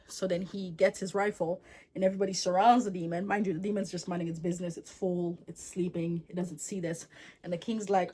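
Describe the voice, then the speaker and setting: A woman's voice: fairly low pitch, level tone, brisk, warm tone, a little hiss or hum. A woman vlogger retelling a folktale in a chatty, slangy, digressive way. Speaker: storyteller vlogger.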